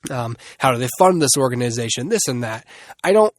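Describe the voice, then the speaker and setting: A man's voice: mid-range voice, animated, brisk. A man hosting a solo movie review podcast, rambling and restarting often with many fillers. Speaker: podcast host.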